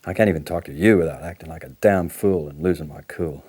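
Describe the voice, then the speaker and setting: A man in his late forties playing an angry recovering addict in a counselling role-play, lurching between outbursts and low, ashamed muttering. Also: fast, darkish tone, breathy edge. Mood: angry, bitter. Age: late 40s. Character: angry recovering male addict near fifty, volatile and ashamed.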